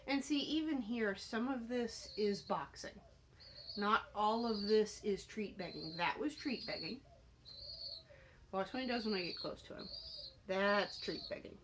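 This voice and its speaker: A woman talking casually while training a young pigeon, calm and explanatory, breaking into high cooing baby talk at the bird. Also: a little slow, noisy background.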